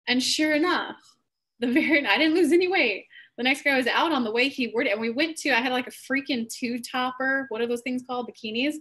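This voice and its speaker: A woman's voice: high voice, a little fast, fairly bright tone. A woman hosting a live stream, chatting casually and candidly, telling stories with bubbly energy. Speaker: host of a live reading stream.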